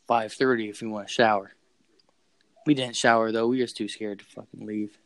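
A young man excitedly telling a scary story in a casual chat, swearing and repeating himself. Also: lowish voice, a little fast, dry recording, low-quality recording. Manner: excited, profane, repeats phrases.

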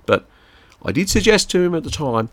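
A middle-aged Australian father talks a little fast in a voice on the high side, very animated, with no echo on the recording. He co-hosts a podcast with his son, chatting casually and rambling through stories while laughing.

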